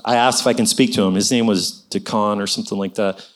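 A fast-talking middle-aged man with a lowish voice and fairly even intonation describes his faith experience. He preaches conversationally, exhorting his audience with many "you know" asides.

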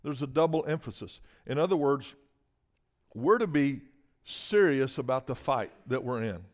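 A man's voice: medium pitch, moderate pace. A man preaching a sermon as a guest speaker. He talks emphatically, often repeats words and asks the room for an "Amen?".

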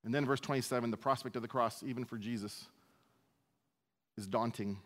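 A male pastor works through scripture in a sermon. He stays relaxed and conversational and slips in self-deprecating asides. His voice sits at an average pitch for a man. It rings out with a long reverb, as in a large church hall. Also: brisk, pauses often. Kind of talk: sermon, verse-by-verse teaching.

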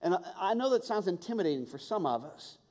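A man with a somewhat high voice delivers a passionate sermon in a large church whose long reverb trails every phrase. He surges from loud, pressing appeals down to quiet, intimate asides. He stumbles and repeats words as he works toward each point. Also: big pitch swings, quick pace. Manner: impassioned, swings between loud urgency and hushed intimacy, stammers and repeats words. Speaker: pastor.

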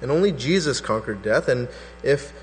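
A man preaching a sermon as pastor, animated and acting out skeptical voices. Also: mid-range voice, moderate pace. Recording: hall reverb with faint mains hum.

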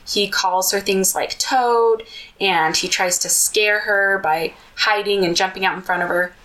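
A woman's voice: mid-range voice, steady tone, a little slow, fairly bright tone, rough recording. A woman podcast host retelling a children's book in casual storytelling, adding personal asides.

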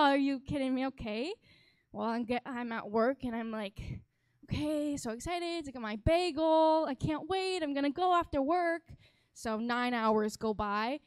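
Young woman with a high voice, telling a playful, exaggerated story to a congregation; lively and theatrical, close and dry sound. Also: no echo. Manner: animated, dramatic, exaggerating for laughs. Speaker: worship leader giving a talk. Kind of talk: humorous storytelling talk to a congregation. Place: church stage.

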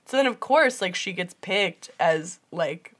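A woman's voice: lowish voice, lively intonation, unhurried, a bit bright. Young woman, casual chatter, retells scenes with quoted voices, laughs a lot. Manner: chatty, lots of "like", laughs often, acts out quotes. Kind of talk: casual chat.

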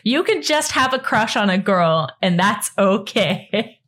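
A woman's voice: medium pitch, sing-song, measured pace, fairly bright tone. A young woman co-hosting a podcast in casual chat, giggly and playful, making up jokey sayings. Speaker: podcast co-host.

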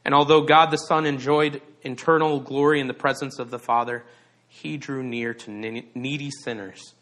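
A man preaching a Sunday sermon with a bright, clear-edged voice. He leans on key words for emphasis and poses rhetorical questions to his listeners. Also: mid-range voice, steady tone, normal speed. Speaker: pastor.

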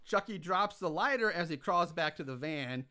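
Bright, high-voiced man ranting through a recap. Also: normal speed. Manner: animated, exasperated, ranting about plot holes. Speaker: podcast co-host recapping a film. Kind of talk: casual plot recap.

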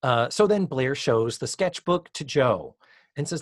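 Man, podcast co-host, casual chat, animated, dry sound. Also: medium pitch, measured pace, slightly rough, no room sound. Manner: animated, acts out quotes in raised voices.

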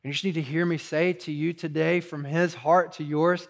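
Casual, fairly high-voiced male preacher. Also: flat delivery, moderate pace, vocal fry, hardly any pauses. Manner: conversational, peppered with "like", urgent. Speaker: pastor. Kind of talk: sermon.

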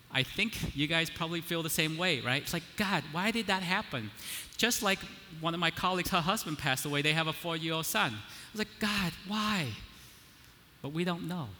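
Speaking in a bright, powerful, somewhat high voice, this male preacher keeps his sermon conversational and regularly checks in with his audience. He works up to emphatic statements, and a long reverb echoes his words around the large hall.

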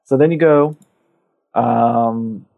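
A man's voice: medium pitch, gravelly, no echo, narrow, tinny audio. Rambling, profane man recapping a game. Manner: rambling, profane, does quick character voices in quotes. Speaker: podcast co-host. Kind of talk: casual chat, retelling a game's story.

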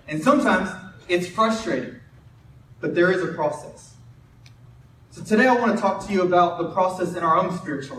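A young man gives a relaxed sermon and tells stories as he goes, often stopping to restart a phrase. His voice sits high. The mic is some way off in a reverberant hall with faint room noise. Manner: conversational, self-interrupting, animated storyteller. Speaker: preacher and high school football coach. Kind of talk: sermon with storytelling. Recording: roomy distant mic in a hall.

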